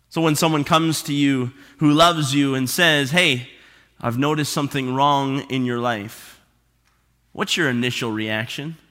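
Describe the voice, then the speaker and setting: A man's voice: a little high, pushed and bright. A man preaching a sermon to his congregation, conversational and full of rhetorical questions. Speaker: pastor. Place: church sanctuary. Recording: reverberant church hall.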